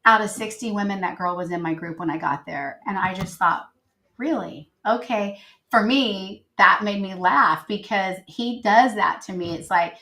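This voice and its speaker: Casual interview storytelling from a middle-aged woman appearing as a podcast guest, who acts out the dialogue with plenty of animation while telling personal stories. Her voice is medium in pitch.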